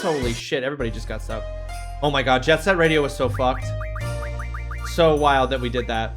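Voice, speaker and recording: A man streaming a game live, chatting excitedly with viewers and swearing freely. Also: mid-range voice, a little fast, pauses often. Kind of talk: live gameplay commentary. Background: game music.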